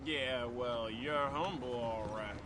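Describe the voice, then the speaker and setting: A man's voice: mid-range voice, slow pace, noisy background, close to an everyday voice. An actor playing a sarcastic townsman in a video game, mocking his friend.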